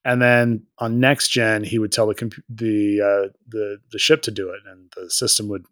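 A man co-hosting a podcast in casual chat, joking, rambling, and breaking into quick quoted voices. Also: on the low side, flat delivery, fairly bright tone, no echo, studio quality. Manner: rambling, with restarts and filler. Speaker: podcast co-host.

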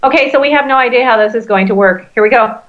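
A woman's voice: on the high side, quick pace, dull audio. Chatty woman co-hosting radio. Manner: chatty and teasing. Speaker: radio co-host. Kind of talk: casual live radio chat. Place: live broadcast from a hotel.

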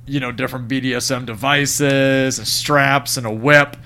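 A man's voice: mid-range voice, fairly even intonation, moderate pace, bright, forceful tone. A man co-hosting a casual movie podcast, recapping scenes in loose run-on sentences and laughing. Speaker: podcast co-host. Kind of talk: casual film review chat.

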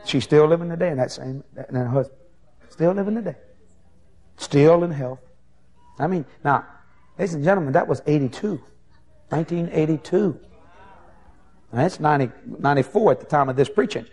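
Gravelly-voiced evangelist telling stories. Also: male voice, fairly high pitch, normal speed, long pauses. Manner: animated, folksy anecdotes. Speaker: evangelist preacher. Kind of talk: sermon storytelling.

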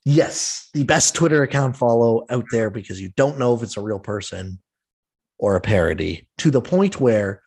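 A man hosting a casual sports podcast, ranting in an exasperated, animated way with some swearing. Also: mid-range voice, normal speed, creaky, husky. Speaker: podcast host.

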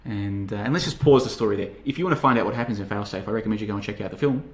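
A man's voice: on the low side, very fast. A man hosting a podcast, casually retelling a film plot in an offhand, rambling way. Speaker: podcast host. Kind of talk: casual comedic storytelling.

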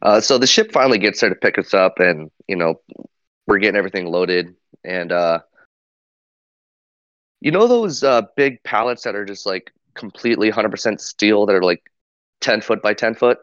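Man, lowish voice, dry, muffled lo-fi mic; hesitant casual storyteller. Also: animated, moderate pace, fairly bright tone, no room sound. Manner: hesitant, many fillers, laughs while talking. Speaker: podcast co-host. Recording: dull lo-fi mic.

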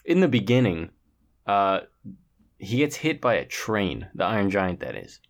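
A man's voice: on the low side, sing-song, unhurried. A man co-hosting a podcast, retelling a film plot in a rambling, laughing casual chat. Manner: rambling, laughs between lines. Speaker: podcast co-host.

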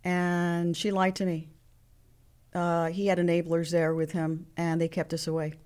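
Earnest, halting woman telling her story. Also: on the low side, level tone, darkish tone, smooth. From Mexican heritage. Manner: earnest, halting, many restarts. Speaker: interview guest. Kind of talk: emotional personal storytelling.

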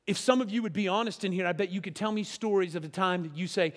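A man's voice: sits high, fast, few pauses, big-room sound. A man preaching a sermon as pastor, talking to the congregation in a conversational way with frequent tag questions like "right?" and "okay?".

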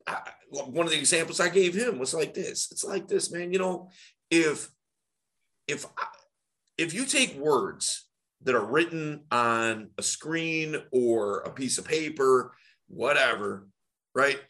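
Animated, emphatic man talking. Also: unhurried. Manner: energetic, emphatic delivery with big swings in pitch; animated public-speaking tonality. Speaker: dating coach. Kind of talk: casual podcast conversation.

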